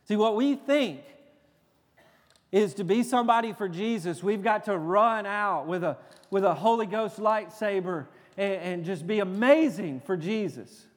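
High-voiced preacher in a reverberant hall. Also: male voice, a little slow. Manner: earnest preaching with repeated restarts, dropping to quiet intensity. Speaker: pastor. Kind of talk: sermon. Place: church sanctuary. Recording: long reverb of a church hall.

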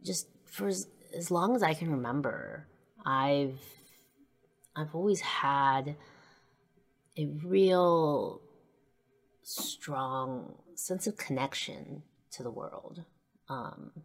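Low-voiced woman telling her story. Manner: rambling, many fillers and restarts. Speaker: podcast host. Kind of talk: personal storytelling.

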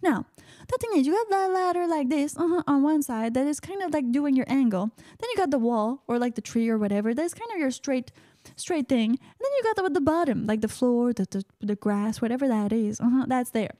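Chatty female radio host, high-pitched and playful, dry close mic. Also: expressive, brisk, dark tone, no echo. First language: French. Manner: playful, chatty, sprinkles "uh-huh" affirmations. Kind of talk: casual radio monologue.

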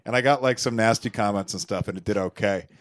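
A man's voice: fairly low pitch, fast talker, no room sound, clean studio sound. Profane ranting man in his thirties. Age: 30s. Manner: profane, ranting, laughs often. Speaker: podcast host. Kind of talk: casual podcast chat.

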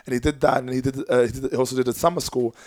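Brief: male podcast guest, mid-pitched, earnest and rambling, very dry close-miked sound. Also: steady tone, rapid-fire, darkish tone, no room sound. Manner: earnest, rambling with many fillers and restarts. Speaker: professional dancer and choreographer, guest. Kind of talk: casual podcast chat.

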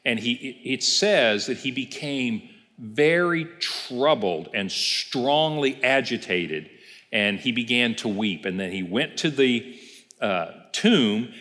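A man's voice: mid-range voice, fairly bright tone. A man pastor giving a casual Bible class, telling the story and asking the class questions. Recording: reverberant church hall.

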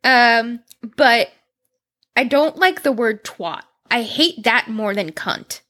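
A woman's voice: a little high, animated, slow, bright, forceful tone. A woman co-hosting a podcast in casual chat, giggly and squeamish about crude words. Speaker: podcast co-host.

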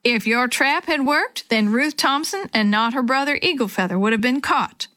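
A woman voicing a kindly, injured old male wrangler in a children's story, calm and reassuring. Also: sits high, moderate pace, no room sound.

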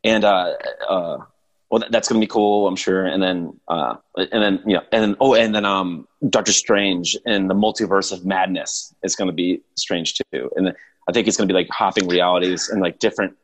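A young man chatting casually, relaxed and rambling, chuckling now and then. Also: sits low, normal speed, low-quality recording. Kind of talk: casual chat.

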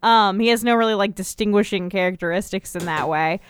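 A woman co-hosting a podcast, summarizing a TV episode in casual chat with a wry, deadpan manner. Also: mid-range voice, brisk, clear, resonant tone. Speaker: podcast co-host.

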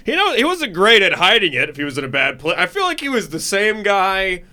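A man's voice: high voice, huge pitch swings, brisk, sharp tone. A young man telling stories animatedly in casual podcast chat, laughing often.

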